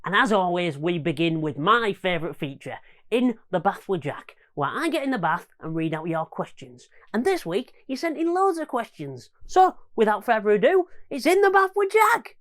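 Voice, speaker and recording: A comedian hosting a home-made comedy variety show, jokey and self-mocking. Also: male voice, high voice, big pitch swings, normal speed, fairly bright tone.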